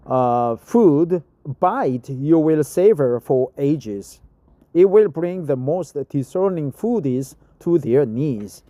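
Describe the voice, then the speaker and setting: Practicing English, a middle-aged man with a Korean accent reads text aloud, going back over phrases and fixing his own pronunciation. He has a warm, fairly high voice, recorded without echo.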